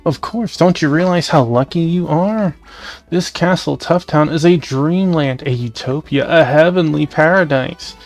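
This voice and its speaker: A man reading the part of a flirtatious adult man who sweet-talks every woman, with flowery, theatrical flattery. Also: a little high, unhurried. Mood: smug flattery.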